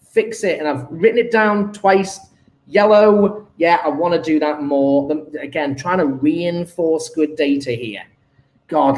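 A man's voice: sits high, poor audio. A man talking casually through an exam paper review as a chemistry teacher, chatty and self-deprecating, exclaiming at his own mistakes.

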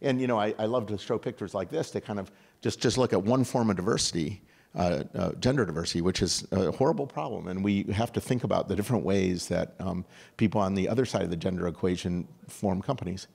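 An older man from upstate New York giving an animated, conversational conference talk, often restarting his sentences. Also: low-pitched, quick pace, gravelly, husky. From upstate New York, USA. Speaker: conference speaker.

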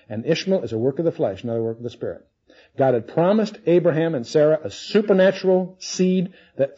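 Male Bible teacher, warm husky voice, conversational, lo-fi sermon tape. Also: mid-range voice. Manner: conversational, asks the audience questions. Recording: dull lo-fi recording.

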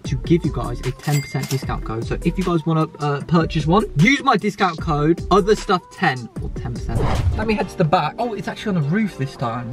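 A man's voice: brisk, over music. A man, chatting casually and jokingly outdoors by his car for a car accessory vlog. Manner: excitable and jokey, with sudden high yelps. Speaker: car vlogger.

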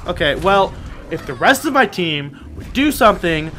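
A man's voice: high-pitched, very animated, moderate pace, pushed and bright, a little hiss or hum. A young man alone at his desk mic, casually commentating his gameplay with brash, profane, sarcastic trash talk. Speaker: gaming video creator. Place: alone at home. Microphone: desk microphone and webcam.

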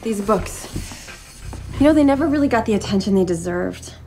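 A woman's voice: mid-range voice, expressive, moderate pace, warm tone, soft background music, natural voice. An actress playing a wistful, gushing female fan of a book series, in a TV series clip.

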